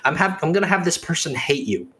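A man narrating as game master of a tabletop game, playful and fond of drawn-out repetition for comic effect. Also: fairly high pitch, very animated, bright, forceful tone.

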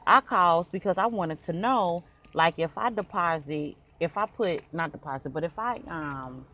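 A woman's voice: on the low side, fairly bright tone. A woman podcast host telling a story in a casual, colloquial way, speaking straight to her listeners.

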